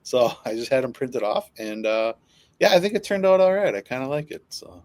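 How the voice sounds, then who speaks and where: A man's voice: medium pitch, sing-song, a little fast, a little mellow, dry recording. A man with a Wisconsin accent, co-hosting a casual podcast in a laid-back, joking way. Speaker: podcast co-host. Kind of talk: casual bar-style chat.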